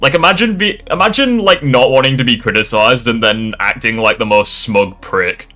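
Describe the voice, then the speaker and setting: Exasperated, sarcastic young man, bright voice. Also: mid-range voice, normal speed, faint music behind. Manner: sarcastic, exasperated, swears a lot. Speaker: streamer reacting to a video. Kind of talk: live reaction commentary.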